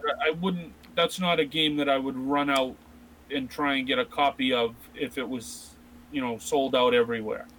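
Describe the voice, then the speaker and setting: A man's voice: mid-range voice, fairly even intonation, moderate pace, fairly bright tone, slight background noise, low-quality recording. A man in his thirties co-hosting a casual chat about video games, rambling with many restarts. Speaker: podcast co-host.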